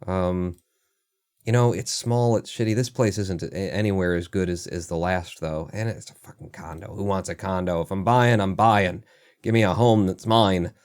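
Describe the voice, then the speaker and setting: A man's voice: deep voice, steady tone, normal speed, darkish tone, clear, resonant tone. Sardonic, profane male livestreamer. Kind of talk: casual live-stream commentary.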